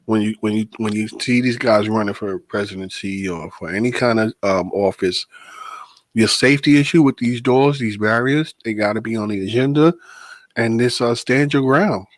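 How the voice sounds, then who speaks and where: A man, co-hosting a casual podcast chat, animated and quick to laugh and swear. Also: fairly low pitch, no room sound. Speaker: podcast co-host, transit worker.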